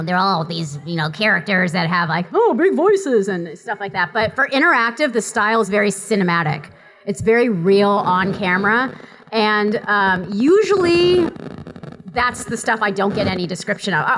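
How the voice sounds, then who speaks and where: A woman's voice: on the high side, fairly bright tone, low-quality recording. A woman voice actor speaking on a convention panel, chatty and prone to tangents. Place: convention hall.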